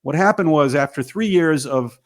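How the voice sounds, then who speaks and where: A man's voice: fairly high pitch, lively intonation, moderate pace. A man, a filmmaker and author, telling his story emphatically as an interview guest.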